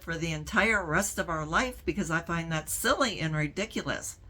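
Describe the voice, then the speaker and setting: A middle-aged woman talks casually to camera on her own channel, answering viewer questions. Her voice is lowish, pushed and bright, and she speaks slowly and deliberately, reflecting and pausing often between phrases.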